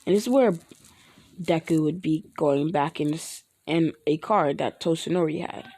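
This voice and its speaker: A woman improvises a fan-fiction story aloud, one event after another. Her voice sits fairly low and the telling is loose, full of restarts and fillers. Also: moderate pace, mellow, no room sound. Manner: rambling, many restarts and fillers. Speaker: online video creator.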